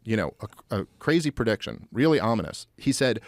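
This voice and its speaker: A man talking as a podcast guest in casual political chat, animated and full of fillers and restarts. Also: lowish voice, fairly quick, hardly any pauses, dry recording, clean studio sound.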